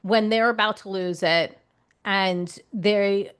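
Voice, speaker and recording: A woman's voice: medium pitch, fairly even intonation, takes it slowly, fairly bright tone, clean tone. A woman hosting a parenting podcast, asking questions and affirming her guest. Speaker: podcast host. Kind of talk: conversational interview.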